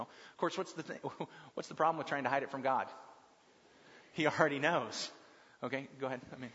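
A man leading a group Bible class, asking questions and talking with lively swings in his voice. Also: mid-range voice, a little fast. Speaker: Bible study leader. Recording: long reverb, dull lo-fi sound.

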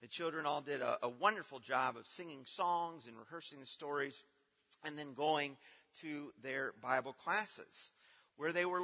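A man teaches a children's church assembly, putting questions to the kids and praising each right answer. His voice sits a little high and has a bright, forceful edge. The long reverb of a big hall and a dull, lo-fi recording surround him. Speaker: children's Bible program leader.

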